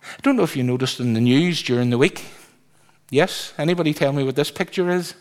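A man preaching a sermon to a congregation, asking them questions and stretching words for emphasis. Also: fairly high pitch. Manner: lively, drawn-out emphasis, asks congregation questions.

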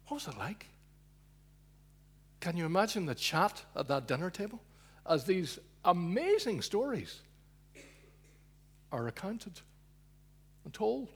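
A man preaching a sermon, telling a story with loud emphasis that drops to hushed, low asides. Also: big pitch swings, unhurried, pauses often, slightly rough.

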